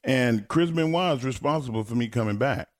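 A man, a former pro wrestler, telling stories in casual talk, animated, laughing and swearing, loud when he quotes people. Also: medium pitch, fairly quick. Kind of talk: casual storytelling on a podcast.

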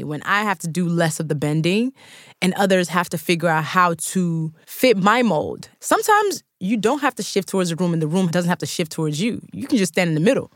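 A woman from Nigeria, an author, telling lively stories in an interview and acting out what others said. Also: fairly low pitch, no echo, studio quality. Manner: lively storyteller, acts out quoted voices.

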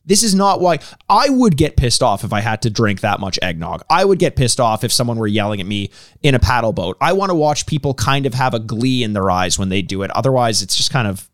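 A man's voice: medium pitch, big pitch swings, a little fast, dry recording. Podcast guy, keeps restarting his sentences, laughs a lot, dry mic. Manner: stammering restarts, laughs often. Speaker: podcast co-host. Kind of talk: casual chat.

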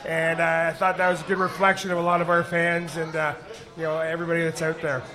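A middle-aged man and former hockey player, speaking with a raspy voice, answering questions casually at a live bar event. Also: fairly high pitch, fast talker, crowd noise. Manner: relaxed, rambling with fillers.

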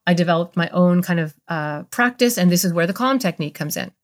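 A woman's voice: on the low side, animated, quick pace. A woman in her fifties, a guest expert on a podcast, telling a story from her career in an earnest, heartfelt way. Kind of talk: interview storytelling.

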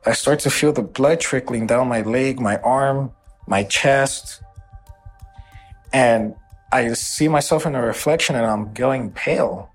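A man telling an interviewer about a violent night in a halting way, often repeating his words. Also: medium pitch, soft background music. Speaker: interview guest. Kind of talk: personal account in an interview.

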